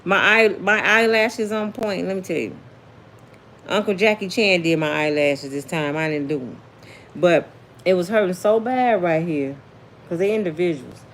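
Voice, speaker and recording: A woman's voice: fairly low pitch, normal speed, a bit bright, slight background noise. Sassy chatty woman hosting a livestream. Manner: chatty, sassy, reads viewer comments aloud. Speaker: celebrity gossip livestream host. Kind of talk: casual livestream chat.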